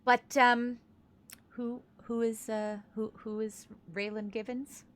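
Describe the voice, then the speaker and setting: A woman's voice: on the high side, level tone, slow pace, a bit bright. A young woman streaming a game, rambling in a chatty, self-deprecating way as she plays. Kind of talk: casual gameplay commentary.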